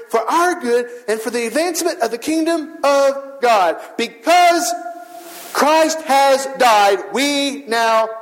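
A high-pitched man preaching a fervent sermon in a church sanctuary. He stacks short repeated phrases into rising rhetorical runs. His voice rings with a long echo from the hall around him. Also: slight background noise. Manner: fervent, repetitive rhetorical build-ups. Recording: echoey hall.

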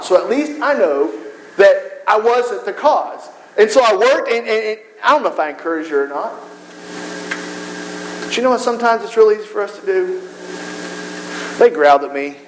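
A man preaching a sermon, animated and storytelling, acting out quoted voices. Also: high voice, slight background noise, poor audio.

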